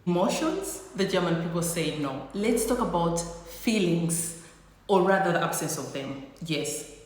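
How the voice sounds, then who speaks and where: A woman's voice: on the low side, expressive, a little slow, darkish tone. A woman vlogger giving comedic advice to camera in a sassy, teasing, playfully exaggerated way. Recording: echoey room with long reverb.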